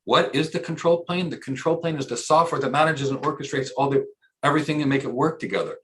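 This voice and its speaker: A man's voice: on the high side, fast talker, a bit bright. Emphatic American man coaching. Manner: emphatic, coaching, repeats key points for punch. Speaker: host and cloud architecture instructor. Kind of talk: live-stream career talk.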